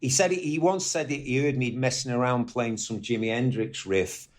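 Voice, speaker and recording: Animated storytelling man from northwest England. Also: medium pitch, normal speed. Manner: rambling, animated anecdotes with swearing. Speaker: guest musician. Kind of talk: casual storytelling interview.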